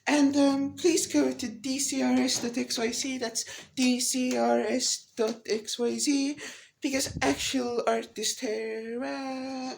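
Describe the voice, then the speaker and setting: A woman's voice: high voice, fairly even intonation, measured pace, vocal fry, hardly any pauses, a little mellow, a little hiss or hum. A woman vlogger ranting casually, profane and rambling, with many restarts. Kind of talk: casual rant to camera.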